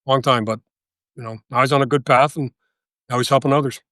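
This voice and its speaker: A man in his sixties, a guest telling a story in a casual interview, animated and profane, often checking with "right?". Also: medium pitch, a little fast, no room sound, clean studio sound. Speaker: guest, author and veteran.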